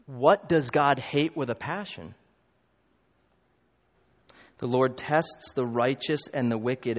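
A man preaching a sermon as pastor, emphatic and building to loud peaks, with quick asides to the congregation. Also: medium pitch. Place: church hall. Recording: long reverb, dull lo-fi.

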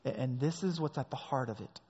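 A man's voice: medium pitch, fairly quick, mellow, slightly rough. A man preaching a sermon as pastor, leaning hard on key words, recorded in a large hall with a long echo and a dull sound.

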